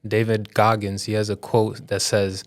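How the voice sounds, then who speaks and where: A man's voice: on the low side, completely flat delivery, moderate pace. A man co-hosting an interview, quoting a saying and asking the guest reflective questions. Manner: reflective, quotes sayings, asks thoughtful questions. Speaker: podcast co-host. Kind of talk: casual interview chat.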